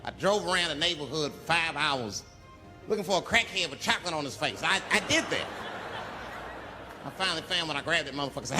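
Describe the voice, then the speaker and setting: A middle-aged man doing stand-up on a theater stage, telling stories animatedly and shouting some punchlines. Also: on the high side, fast, over music. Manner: animated storytelling, swings to loud shouted punchlines. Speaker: stand-up comedian. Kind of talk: stand-up comedy routine. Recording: big hall, loud crowd and noise. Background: audience laughter and applause.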